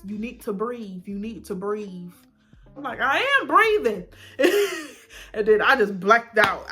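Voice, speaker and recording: Woman telling a hard personal story. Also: lowish voice. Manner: casual and animated, acts out voices in quotes. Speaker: vlogger.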